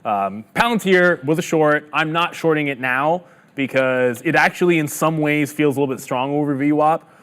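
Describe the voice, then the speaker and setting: A man's voice: fairly high pitch, moderate pace, fairly bright tone, clear, resonant tone. Chatty male trading show co-host. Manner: joking, chatty, thinks aloud about trades. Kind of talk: casual live-stream market talk.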